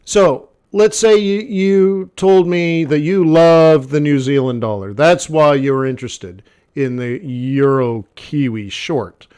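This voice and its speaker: Chatty male forex coach, slightly high voice. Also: slow, a little mellow, smooth. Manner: conversational, repeats phrases, many "okay" and "like" fillers; blunt, talks straight to the viewer. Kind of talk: live trading session commentary.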